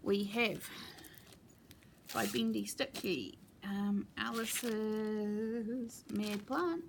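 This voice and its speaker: A woman chatting casually at home as she shows her cross-stitch projects, talking in a relaxed way with plenty of ums and asides. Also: mid-range voice, extremely slow, noisy background. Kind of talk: casual show-and-tell chat.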